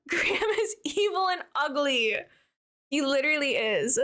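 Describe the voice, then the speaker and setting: A bubbly young woman with a high voice talks casually on a live stream. She chats with her viewers as she plays, easygoing and animated in tone. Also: a little slow. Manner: bubbly, chatty, reads and answers chat while playing.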